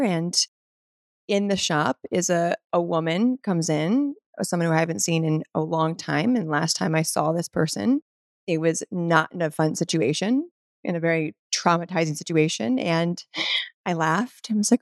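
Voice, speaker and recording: A woman's voice: on the low side, moderate pace, no echo, studio quality. A woman guest telling an earnest, spiritual personal story in conversation, full of "like" fillers. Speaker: podcast guest.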